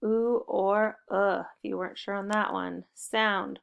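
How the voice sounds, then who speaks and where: Slow, gravelly-voiced woman teacher. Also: mid-range voice, steady tone. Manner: upbeat, encouraging, clearly paced instructions. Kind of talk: spelling lesson for young children. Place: home recording.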